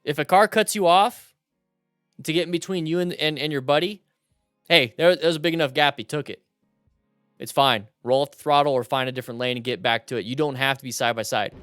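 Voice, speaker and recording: A young man hosting a motorcycle channel, commenting on riding videos in a casual, animated way and giving blunt advice. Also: a little high, brisk, no room sound, clean studio sound, soft background music.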